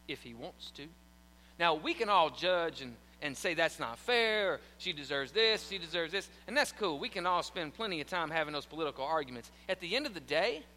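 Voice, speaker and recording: A man's voice: sits high, pushed and bright, a little hiss or hum. A man preaching a sermon in church, telling a story animatedly and acting out the quotes. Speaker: pastor. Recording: long hall reverb.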